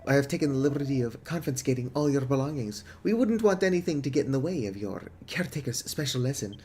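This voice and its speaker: A man's voice: medium pitch, animated, fast, mellow, lightly acted. A man voicing a pompous male prison warden in a game, who speaks with mocking, grandiose formality.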